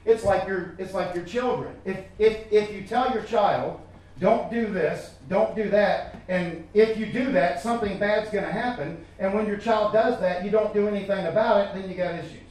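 A man with a fairly high voice preaches a sermon, pressing his points emphatically and often doubling back on his words. He sounds far from the mic in a very echoey church, with faint room ambience underneath. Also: moderate pace, a little mellow. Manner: emphatic, repeats words, addresses listeners directly. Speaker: pastor.

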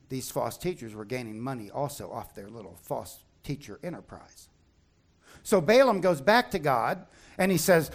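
A man preaching a sermon, retelling a Bible story in an animated way and acting out the characters' lines. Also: high-pitched, moderate pace. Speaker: pastor.

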